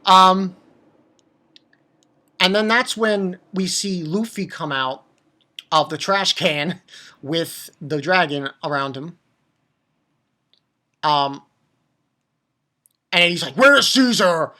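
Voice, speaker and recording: A man talks through a cartoon episode in a loose, unscripted recap, getting worked up and cursing as he goes. His voice has a bright, forward ring, and he trips over himself with repeated words and "um"s. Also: on the high side, takes it slowly, pauses often. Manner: excitable, swears, many restarts and fillers. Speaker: anime reviewer. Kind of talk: casual episode recap and review.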